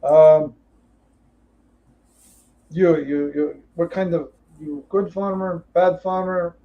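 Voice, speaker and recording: A man voicing a hearty seven-foot giant man who leads a town, talking in clipped, broken phrases with a welcoming boom. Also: fairly even intonation, slow pace, muffled recording. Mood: boastful.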